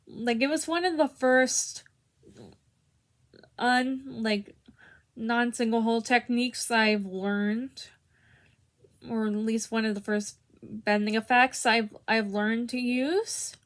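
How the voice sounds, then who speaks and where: Slow-talking young woman teaching harmonica. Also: fairly high pitch, fairly even intonation. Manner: hesitant, many restarts and fillers. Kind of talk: casual tutorial.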